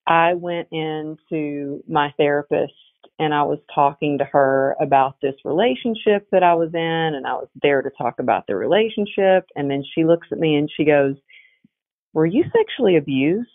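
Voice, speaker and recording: A middle-aged woman, a guest coach, telling her story in a lively conversational way, laughing often and restarting her sentences. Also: deep voice, normal speed. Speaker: podcast guest, resilience coach. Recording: tinny phone line.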